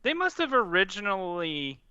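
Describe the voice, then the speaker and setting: Bright, lively-voiced man with dull lo-fi sound. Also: sits high, normal speed, clear, resonant tone, no echo. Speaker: podcast co-host. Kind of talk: casual movie chat.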